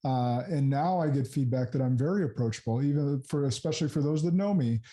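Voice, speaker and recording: A man's voice: mid-range voice, fairly quick, mellow. A man in his thirties hosting a podcast, speaking in an earnest, affirming, reflective way. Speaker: podcast host. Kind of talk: casual interview chat.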